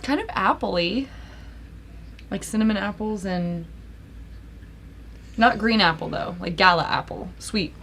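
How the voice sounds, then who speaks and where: A woman's voice: mid-range voice, measured pace, gravelly, long pauses, a bit bright, a little hiss or hum. A woman co-hosting a casual whiskey tasting livestream, teasing her partner and describing flavors in detail. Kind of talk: casual chat.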